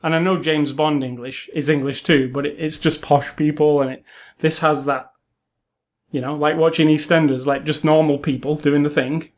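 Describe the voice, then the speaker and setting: A man gushing about a film in a loose, casual chat, his voice sitting a bit high. He rambles, restarts sentences and leans on fillers as his enthusiasm runs ahead of him. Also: steady tone, normal speed. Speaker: film podcast co-host.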